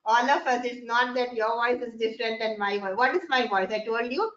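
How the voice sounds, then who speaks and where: A woman's voice: a little high, brisk, a bit bright. A woman giving a classroom lecture, often repeating phrases and putting questions to her students. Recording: echoey, dull lo-fi room sound.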